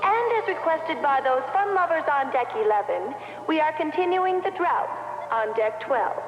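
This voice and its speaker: An actress voicing a calm female ship announcement system with a formal, announcing manner. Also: high-pitched, normal speed, dull audio, over music.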